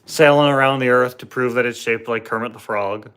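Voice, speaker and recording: A man's voice: mid-range voice, steady tone, fairly quick, a bit bright, smooth. Rambling young man on a livestream. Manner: rambling, joking, trips over words. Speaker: livestream host. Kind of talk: casual live Q&A chat. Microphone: phone on a tripod.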